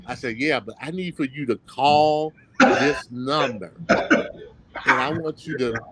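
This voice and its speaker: A man's voice: medium pitch, measured pace, a crowd in the background, low-quality recording. A man, a former professional football player, telling stories in a casual interview, acting out the voices of people he quotes and laughing often.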